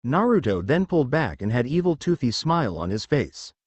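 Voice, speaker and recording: A man narrating a fan fiction story aloud in a plain, even storytelling manner. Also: medium pitch, a little fast, dry recording.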